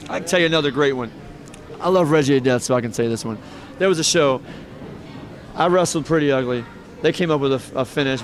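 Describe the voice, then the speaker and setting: A man, a professional wrestler, telling rambling, heartfelt stories with laughs between them in a casual interview. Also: on the high side.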